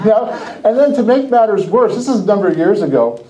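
Animated storytelling man, high and mellow. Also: moderate pace, low-quality recording. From New Jersey. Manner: animated, laughing, acts out quoted dialogue. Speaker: podcast host. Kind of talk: casual storytelling on a Christian podcast.

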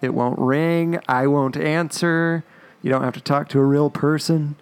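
A man's voice: a little high, fairly even intonation, clear, resonant tone. A man co-hosting a casual podcast, reading trivia in a laid-back, jokey way. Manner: slow, laid-back delivery with jokey asides. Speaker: podcast co-host. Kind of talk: casual chat.

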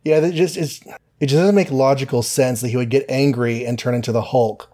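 A man's voice: mid-range voice, fairly even intonation, brisk, mellow. Man casually recapping comic plots. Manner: playful, summarizes plots with goofy quoted voices. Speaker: podcast co-host.

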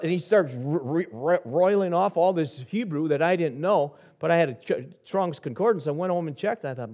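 A middle-aged man preaching a sermon as senior pastor, telling stories with soft asides that build to emphatic points. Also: fairly high pitch, lively intonation, normal speed, hardly any pauses, lo-fi sound. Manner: storytelling, shifting from soft asides to rising emphasis.

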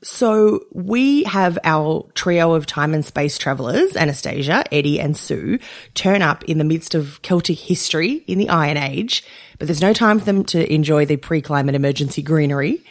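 A playful woman hosts a podcast in a chatty, joking way. Her voice sits fairly low for a woman, and she is quick to laugh along with her guest. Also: expressive. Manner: chatty and playful, jokey introductions. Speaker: podcast host. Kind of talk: casual chat.

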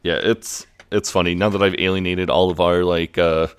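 A man's voice: level tone, normal speed, smooth. A man co-hosting a podcast, casually recapping a TV episode and acting out lines in a raised voice. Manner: casual, swears, acts out quotes in a higher voice. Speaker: podcast co-host.

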